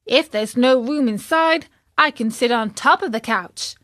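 A woman voicing a bold, reckless runaway boy who calls out loudly and eagerly. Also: fairly high pitch, measured pace, no room sound, clean studio sound. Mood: urging.

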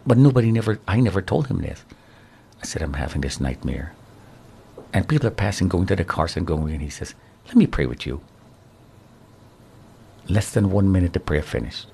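A middle-aged man giving his testimony in an interview, telling it with animated storytelling and a preaching tone. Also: low-pitched, creaky, slightly rough. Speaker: interview guest, survivor.

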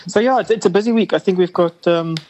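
A man's voice: sits high, quick pace, a little mellow, rough recording. A man, an investment company boss, talking business in a rambling, chatty way with lots of fillers. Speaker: investment company CEO guest. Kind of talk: casual radio business interview.

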